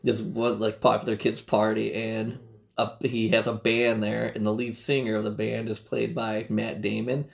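Gravelly man telling stories. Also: on the low side, little pitch movement, moderate pace. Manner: rambling, profane storytelling with many restarts. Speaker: podcast co-host. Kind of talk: casual chat.

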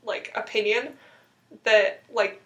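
A woman's voice: mid-range voice, fairly even intonation, slow pace, a bit bright, highs cut off. A young woman chatting casually, recapping a TV episode and acting out quotes with sarcasm.

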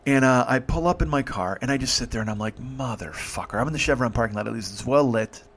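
Man in his fifties, casual storyteller, swears a lot, halting restarts, mid pitch. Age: 50s. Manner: profane, halting, animated. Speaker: podcast host.

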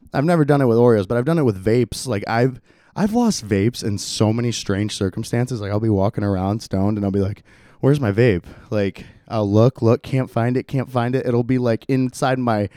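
Young male solo podcast host, low-pitched, dry close sound, laid-back rambling chatter. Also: dark tone, no echo. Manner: rambling, laid-back, laughs often, says "like" constantly. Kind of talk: solo casual podcast chat.

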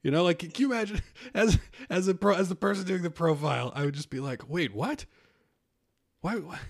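A man's voice: high voice, fast talker. Rambling, laughing man on a comedy podcast. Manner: rambling, laughs often, quotes people in put-on voices. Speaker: podcast co-host. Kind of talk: casual comedic chat.

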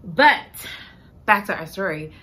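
A woman hosting a book podcast, chatting casually and reading a summary aloud, animated and quick to laugh at her own slips. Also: mid-range voice. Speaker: podcast host.

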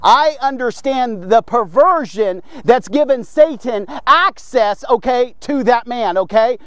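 A man with a strikingly high voice delivers a devotional sermon. The sound is dry and close, with no room around it. He preaches emphatically and keeps stopping to check in with his listeners. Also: animated, a little slow, fairly bright tone, clear, resonant tone, dry recording.

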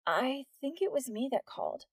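A woman's voice: on the high side, sing-song, fast, a little mellow, dry recording, recorded from a distance, pitched above the performer's own voice. Woman voicing a groggy teenage girl. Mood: sheepish. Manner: groggy, sheepish. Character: groggy teenage girl, fifteen, quick-witted.

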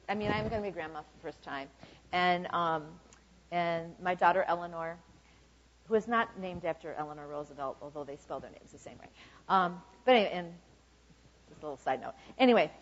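A woman in her fifties giving an informal, chatty sermon full of "okay" and "you know" asides. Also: on the low side. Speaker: church speaker. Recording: dull lo-fi recording.

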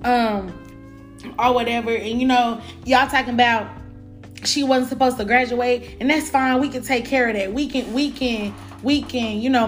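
A woman's voice: on the high side, natural voice. A woman voicing her protective mother, who firmly scolds school staff. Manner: firm, indignant.

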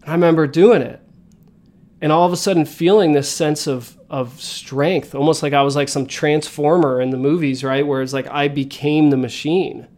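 Earnest motivational man, higher-pitched. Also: steady tone, moderate pace, darkish tone. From United States. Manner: earnest, coaching tone. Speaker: podcast host. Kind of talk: motivational storytelling.

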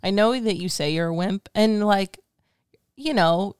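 A woman's voice: medium pitch, a little slow, darkish tone, smooth, no echo, clean studio sound. A woman co-hosting a casual podcast, chatty and emotional as she tells a story, laughing easily. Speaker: podcast co-host.

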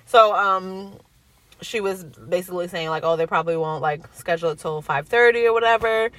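Animated young woman, dry close sound. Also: fairly low pitch, a little fast, no room sound. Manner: animated, acts out quoted voices. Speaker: storyteller. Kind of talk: casual chat.

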